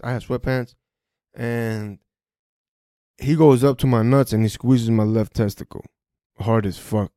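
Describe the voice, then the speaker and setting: A man's voice: mid-range voice, mellow, clean tone, no echo, clean studio sound. Young man telling a blunt profane story. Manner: profane, street slang, frequent restarts. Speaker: podcast host. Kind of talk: casual first-person storytelling.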